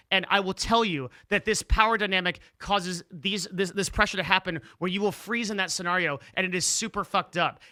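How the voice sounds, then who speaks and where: A man rants with urgent insistence in a high, piercingly sharp voice. He swears freely, and the sound is bone-dry with no room around it. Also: no room sound. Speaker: streamer. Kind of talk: impassioned rant.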